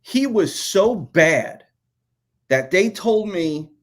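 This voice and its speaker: Animated, ranting, profane man. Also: high-pitched, very slow. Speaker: podcast co-host, former toy designer. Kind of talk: casual podcast chat.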